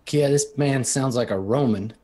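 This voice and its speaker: Man playing a folksy Southern yokel, courteous and churchy, mid-pitched. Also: moderate pace, warm tone, slight background noise, natural voice. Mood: confiding. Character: overly polite Southern country man, naive and churchy.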